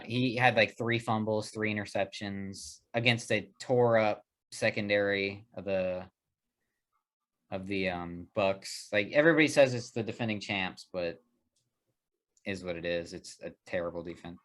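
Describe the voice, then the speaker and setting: Podcast host, male, lowish voice, playful ribbing, runs the segment. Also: steady tone, a bit bright. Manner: teasing, quick banter, leads the picks. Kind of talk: casual sports chat.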